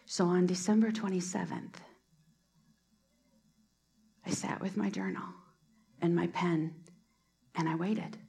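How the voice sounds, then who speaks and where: A woman preaching a sermon on a hands-free mic, soft-spoken and often sinking to a near whisper. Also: on the low side, steady tone, takes it slowly, creaky, long pauses.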